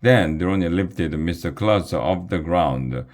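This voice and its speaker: Low-voiced man reading a children's book. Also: slow. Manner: steady reading with small restarts. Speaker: reader.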